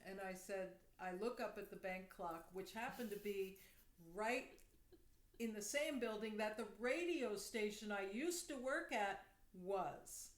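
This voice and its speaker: A woman guest on a podcast telling a personal story in a vivid, animated way during casual chat. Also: mid-range voice, measured pace. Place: room. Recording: roomy echo.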